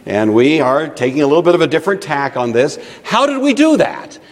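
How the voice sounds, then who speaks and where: Animated preacher man in reverberant hall. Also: on the high side, brisk. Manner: animated, conversational teaching with asides. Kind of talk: sermon teaching. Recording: long reverb of a large hall.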